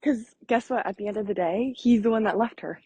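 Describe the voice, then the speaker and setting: A woman's voice: mid-range voice, brisk, warm tone, slightly rough, no echo, low-quality recording. A woman co-hosting a casual podcast chat about reality TV, agreeable with skeptical asides. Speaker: podcast co-host.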